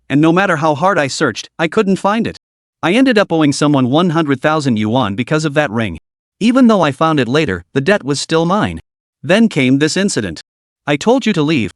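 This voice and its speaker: A man's voice: fairly high pitch, no echo, studio quality. A man doing a blunt, bitter young vendor. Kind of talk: storybook narration.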